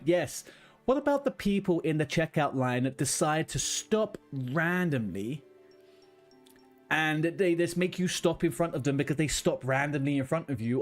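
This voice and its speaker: A man's voice: a little high, lively intonation, normal speed, faint music behind. Ranting streamer guy. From London, England. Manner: chatty, ranting, swears freely. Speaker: livestreamer. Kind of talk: casual chat with viewers. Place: home room with a blue wall.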